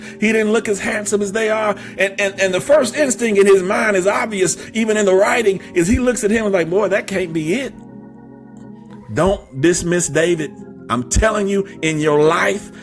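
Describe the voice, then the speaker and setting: Male preacher, high voice, emphatic and repetitive, climbs to shouting, faint music under him. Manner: humorous storytelling with stammered restarts. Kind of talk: sermon.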